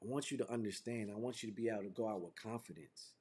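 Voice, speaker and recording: A man's voice: fairly low pitch, fast talker, a little mellow, husky. A man leading a motivational sales training over a video call, talking in fervent, repetitive build-ups like a preacher. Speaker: business trainer.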